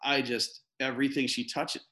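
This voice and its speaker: A man's voice: mid-range voice, flat delivery, normal speed, sharp tone. A man talking as a podcast guest in casual interview chat, earnest and rambling, often restarting his sentences.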